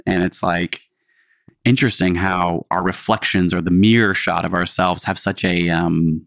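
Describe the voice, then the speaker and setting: A man's voice: low voice, steady tone, normal speed, gravelly, a bit bright, dry recording, clean studio sound. A man co-hosting a podcast, telling a story in an earnest, reflective way with lots of "like". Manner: reflective, earnest, heavy use of "like". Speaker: podcast co-host. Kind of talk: casual storytelling chat.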